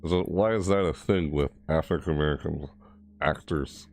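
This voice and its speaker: Here a gaming video creator speaks at normal speed in a darkish, low, mumbling voice. He rambles informally about a game and his take on it, stopping to correct himself and begin phrases again.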